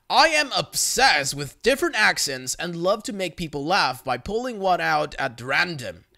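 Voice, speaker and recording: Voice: mid-range voice, pushed and bright. A narrator reading online forum stories aloud in a plain storytelling manner.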